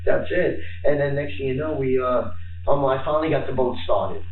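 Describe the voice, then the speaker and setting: A man giving a rambling, halting account while being questioned by police, repeating himself often. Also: medium pitch, slight background noise. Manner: halting, repetitive, fills with "and stuff". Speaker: interviewee under police questioning. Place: police interview room. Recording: echoey, distant, phone-like archive footage.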